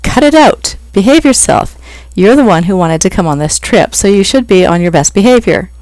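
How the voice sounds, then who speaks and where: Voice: medium pitch, normal speed, no echo, pitched above the performer's own voice, natural voice. A reader voicing a flustered young woman who scolds and soothes her unruly cats. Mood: scolding. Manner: lively, scolding, a bit frazzled. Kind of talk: audiobook reading.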